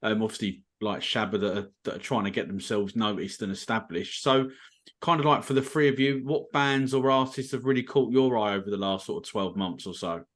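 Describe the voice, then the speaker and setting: A man hosts a casual music podcast, sounding hesitant and filling gaps with ums and sort-ofs. His voice sits a little low. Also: steady tone, brisk. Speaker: podcast host. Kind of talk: casual interview chat.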